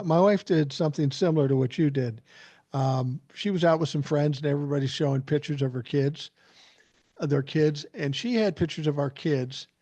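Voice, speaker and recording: A man hosts a casual podcast chat, trading stories in a blunt way and swearing freely. His voice sits a bit high with a gravelly, fry-laden edge. The sound is close and dry. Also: darkish tone, dry recording. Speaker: podcast host.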